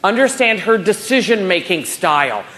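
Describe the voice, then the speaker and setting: A woman in her forties gives a motivational talk to a conference audience. Her pitch leaps and falls as she tells stories and acts out what people said. She speaks to the crowd from a stage. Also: normal speed. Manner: animated, telling stories and acting out dialogue. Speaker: keynote speaker at a professional conference.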